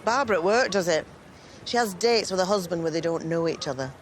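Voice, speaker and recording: An actress playing a chatty, good-natured middle-aged mum who gushes easily. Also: female voice, lowish voice, fast, a little hiss or hum, lightly acted. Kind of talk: sitcom acting.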